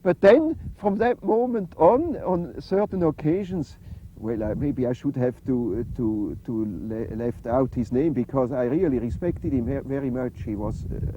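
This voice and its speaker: An older man, answering interview questions in a halting, reflective way with many fillers. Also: fairly high pitch, dull audio, slight background noise. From Switzerland. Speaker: interview guest.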